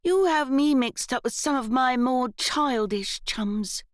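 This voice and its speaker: A woman's voice: sits high, slow pace, dry recording, studio quality, voice pushed up. A woman doing a whiny, drawling schoolboy. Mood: sulky. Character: whiny insolent schoolboy, upper sixth.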